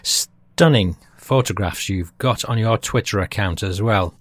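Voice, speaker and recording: A man's voice: fairly low pitch, unhurried, slightly rough, no echo. A man from Britain hosting a history podcast, reading out listener feedback in a chatty way and chuckling at his own jokes. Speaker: podcast host.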